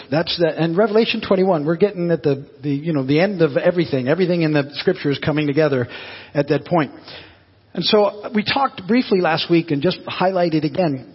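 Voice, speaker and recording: A man's voice: on the high side, slightly rough. A man preaching a sermon in a folksy, joking way before teaching the scripture. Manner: folksy, tells corny jokes then teaches. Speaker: pastor. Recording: dull echoey hall.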